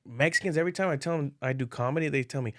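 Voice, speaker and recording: A man's voice: on the high side, racing, no echo, studio quality. A man who is a comedian, a guest on a casual podcast, talking in a laid-back way with lots of "dude" and "man.".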